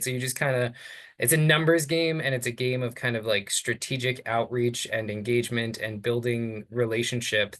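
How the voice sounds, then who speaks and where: A man's voice: medium pitch, fairly bright tone. Man, mid-range voice, casual, filler-heavy, webinar panel, video call. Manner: casual, lots of "kind of" and "right?". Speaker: cultural center fundraiser on a panel.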